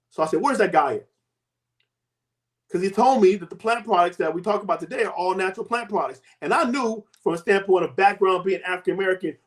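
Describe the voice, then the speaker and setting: Man, 50s, high-pitched, guest, animated personal testimony. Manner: animated storytelling, acts out quoted voices.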